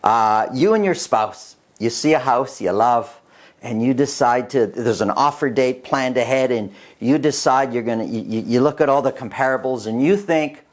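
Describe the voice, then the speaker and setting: A middle-aged man, a realtor, talking casually to camera through a market report, animated and full of restarts. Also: medium pitch, normal speed. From Canada. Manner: animated, chuckling storyteller with many restarts.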